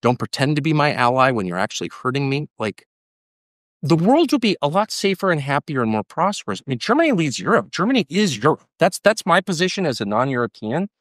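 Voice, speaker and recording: American man, combative guest, emphatic and repetitive, swooping pitch, dry close sound. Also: very animated, fast talker, a bit bright, no room sound. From United States. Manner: emphatic, combative, repeats points for stress. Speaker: interviewee. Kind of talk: heated political conversation.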